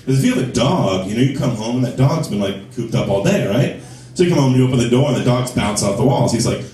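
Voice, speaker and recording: A man's voice: mid-range voice, animated, quick pace, dark tone. A man doing a stand-up comedy set at a club, with crude, self-mocking punchlines. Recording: echoey club, mic from a distance.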